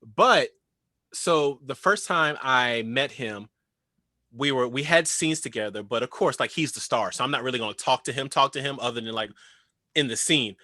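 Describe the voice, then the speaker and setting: A man co-hosting a casual chat show, telling an animated story and acting out what others said. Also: mid-range voice, normal speed, dry recording, studio quality. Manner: animated storyteller, acts out quotes. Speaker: co-host.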